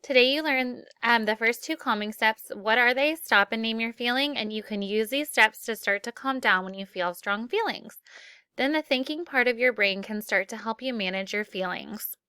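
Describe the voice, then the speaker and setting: A woman's voice: on the high side, moderate pace, pushed and bright, smooth, dry recording, clean studio sound. A woman teacher leading a classroom lesson for children, upbeat and acting out example phrases.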